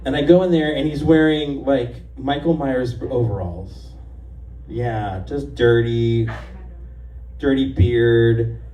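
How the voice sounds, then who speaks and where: A man's voice: mid-range voice, slow pace, warm tone, recorded from a distance, muffled recording. Chatty comedian man, echoey room. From Los Angeles area, USA. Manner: chatty, confident, self-mocking storytelling. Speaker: stand-up comedian. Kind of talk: live stand-up set. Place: stage of a bar. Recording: echoey bar room from afar, faint noise.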